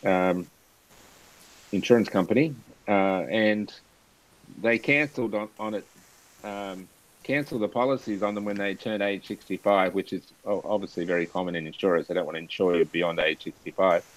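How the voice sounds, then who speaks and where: A man's voice: sits low, normal speed, poor audio. A man hosting a casual live chat over a video call, telling anecdotes and laughing often as he goes. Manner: chatty, laughs through anecdotes.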